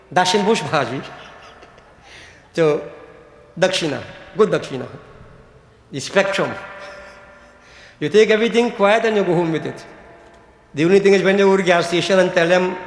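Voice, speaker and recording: A man's voice: a little high, a little hiss or hum. Older man preaching in an echoey hall. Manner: addresses listeners as devotees, rhetorical asides like "hmm?". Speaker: pandit giving a religious discourse. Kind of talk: sermon. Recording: echoey hall with long reverb.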